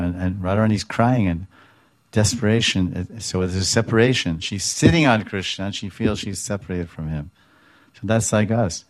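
Deep-voiced male preacher, animated storyteller, dry close recording. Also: normal speed, dry recording. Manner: animated storytelling, explains terms, chuckles. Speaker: devotional speaker. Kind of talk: devotional talk retelling scripture stories.

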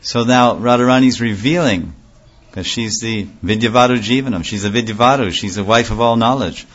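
A man's voice: medium pitch, brisk, fairly bright tone, muffled recording. A man giving a devotional lecture in a conversational way, asking rhetorical questions and answering them himself. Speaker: religious speaker.

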